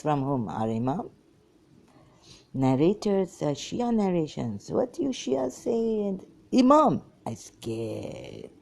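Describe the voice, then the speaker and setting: This woman has a low, dark-toned voice. She's an ex-Muslim vlogger talking straight to camera, drifting between subjects in a frustrated, disjointed ramble.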